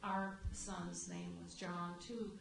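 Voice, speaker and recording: A woman on a library panel recalling a friend, speaking in an unhurried way with pauses. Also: lowish voice, little pitch movement, vocal fry. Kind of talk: reminiscing on a panel. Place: library event room. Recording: echoey hall from far off with noise.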